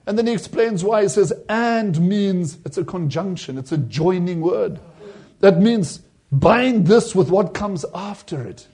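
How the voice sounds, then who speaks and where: A man's voice: high-pitched, expressive, unhurried, mellow, husky. A man preaching a sermon, retelling a vision and acting out the voices in it with rising emphasis.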